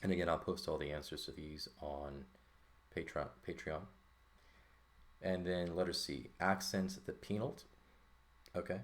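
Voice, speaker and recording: A man teaching a Greek lesson in a relaxed, thinking-aloud way, with fillers and checks like "right?". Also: low-pitched, a little slow, pauses often. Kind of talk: casual lesson walkthrough.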